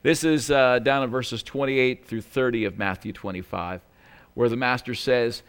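A pastor speaks at a moderate pace in a clear, resonant, mid-range voice. He preaches in a chatty way, adding asides and correcting himself, and at times acts out quotes in a meek, pleading voice.

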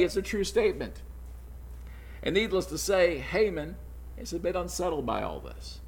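A man teaching from the Bible, retelling the story in a conversational way with informal asides and chuckles. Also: a little high.

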